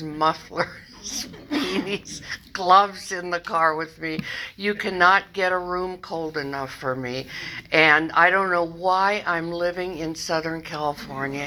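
A woman in her seventies from northern Minnesota gives a personal recovery talk at a meeting. She speaks slowly in a fairly low but bright voice. She is chatty and self-deprecating and laughs often. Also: a little hiss or hum, rough recording.

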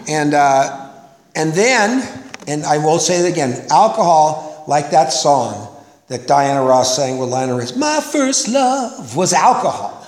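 A man's voice: a little high, measured pace, a little mellow. An older man from California telling a rambling, self-mocking story to an audience, acting out the voices he quotes. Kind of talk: personal recovery story to an audience. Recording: echoey hall, faint noise.

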